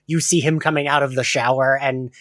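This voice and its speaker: A podcast host chats casually, talking loosely with plenty of fillers and frequent laughs. His mid-range voice is steady in tone, fairly bright, and brisk, and the audio is clean studio sound with no room sound.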